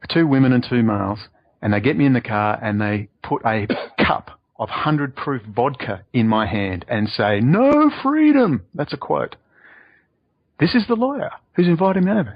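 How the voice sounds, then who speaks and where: A man talks fast and heatedly as an interview guest, his voice jumping up loud on words he stresses. His pitch sits in the middle range. The recording is dull and lo-fi, with no room sound at all. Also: vocal fry, dry recording. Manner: excitable ranting, sudden loud emphatic rises. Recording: dull dry lo-fi audio.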